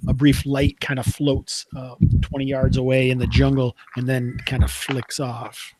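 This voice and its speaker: Man, game master, middle pitch, dry close sound, chatty scene-setting. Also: completely flat delivery, moderate pace, darkish tone, no room sound, low-quality recording. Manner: loose, chatty scene-setting with many fillers. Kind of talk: narrating a tabletop game.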